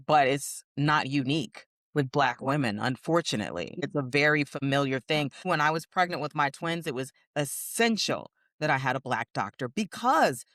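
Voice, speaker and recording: A woman's voice: very deep voice, expressive, normal speed, hardly any pauses, fairly bright tone, dry recording, studio quality. A woman co-hosting a podcast, talking casually and with passion, often checking in with "right?". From United States. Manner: passionate, emphatic, frequent tag questions. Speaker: podcast co-host.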